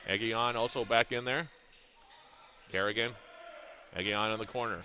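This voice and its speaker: Man, basketball announcer, play-by-play, brisk stat-heavy calling, sharp bright tone. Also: lowish voice, steady tone. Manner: brisk, rhythmic calling of plays with stats.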